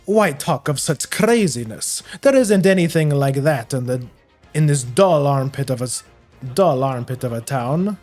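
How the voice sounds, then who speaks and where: A man's voice: mid-range voice, expressive, measured pace, darkish tone, faint music behind. A man voicing a vain, flamboyant male merchant with a put-on Spanish accent, reading a game's dialogue aloud. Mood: grandiose. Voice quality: flamboyant, grandiose, dramatic.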